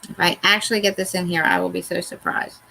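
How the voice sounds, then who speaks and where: A woman's voice: lowish voice, fairly even intonation, fast talker, vocal fry, sharp tone, poor audio. A woman hosting a crafts tutorial, chatting casually and talking to herself as she works, poking fun at her own mistakes. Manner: chatty, talks to herself while working, self-mocking. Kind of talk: casual how-to talk while working.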